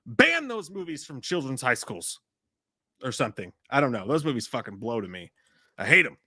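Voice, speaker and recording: A man co-hosting a casual movie chat, rambling in a crude, animated way. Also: mid-range voice, moderate pace, husky, no room sound, clean studio sound. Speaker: podcast co-host. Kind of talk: profane casual movie rant.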